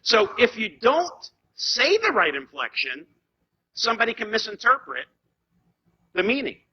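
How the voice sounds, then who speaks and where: A man giving an animated seminar lecture as a trainer, putting rhetorical questions to the audience. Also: high voice, unhurried, breathy edge. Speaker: corporate trainer. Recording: dull lo-fi seminar recording.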